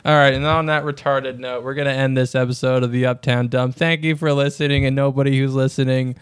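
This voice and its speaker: A man's voice: mid-range voice, level tone, a little fast, clean tone, no room sound, studio quality. A man in his twenties co-hosting a podcast, joking in crude casual banter. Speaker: podcast co-host. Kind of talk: casual chat.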